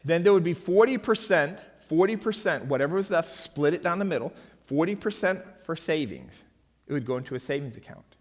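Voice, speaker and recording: A man's voice: a little high, lively intonation, a little fast. Emphatic man teaching in a reverberant church hall. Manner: emphatic, checks in with the audience often. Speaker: finance seminar speaker. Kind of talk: church finance seminar talk.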